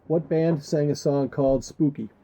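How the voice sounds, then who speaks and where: A man's voice: medium pitch, mellow, husky. A man co-hosting a casual podcast, rambling and joking with crude asides. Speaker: podcast co-host. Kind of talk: casual chat. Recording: muffled lo-fi podcast audio.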